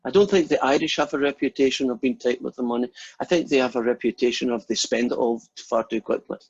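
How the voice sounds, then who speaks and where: Husky Scottish lecturer telling jokes. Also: male voice, mid-range voice, fairly even intonation, fast talker, highs cut off. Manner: chatty, storytelling, self-deprecating. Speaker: math lecturer. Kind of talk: casual lecture chat with jokes.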